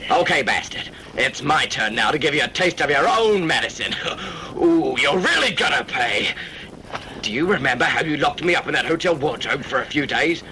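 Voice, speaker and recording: A man's voice: a little high, animated, normal speed, pushed and bright, poor audio. An actor dubbing a gloating male henchman with a Cockney accent, taunting a captive. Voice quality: taunting, mocking tone. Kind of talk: dubbed film dialogue. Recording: film audio with clear background noise.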